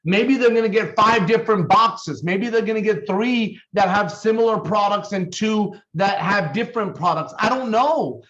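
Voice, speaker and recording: A man's voice: high-pitched, moderate pace, hardly any pauses, a bit bright, dull audio. A man giving a fired-up, emphatic motivational sales talk to his team. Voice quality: fired up, emphatic, intense delivery. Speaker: team leader.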